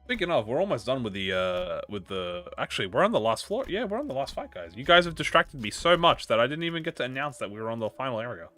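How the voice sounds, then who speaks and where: A man's voice: medium pitch, very animated, quick pace, hardly any pauses, pushed and bright. A man streaming a game, bantering with chat in a playful, mock-threatening way with theatrical, swearing outbursts. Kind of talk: casual livestream gaming commentary.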